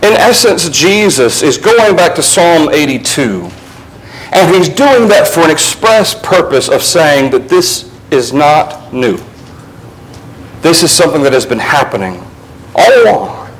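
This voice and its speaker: A man preaching a sermon, reading scripture aloud and explaining it verse by verse, dropping low for emphasis and rising for quoted passages. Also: sing-song, a little hiss or hum, low-quality recording. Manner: shifts between low, quiet emphasis and raised, quicker passages.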